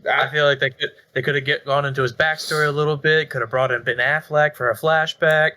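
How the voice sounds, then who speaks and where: Bright-voiced male guest reviewer. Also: on the high side, fast talker. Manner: relaxed, jokey, tosses in short agreements. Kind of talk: casual movie review chat.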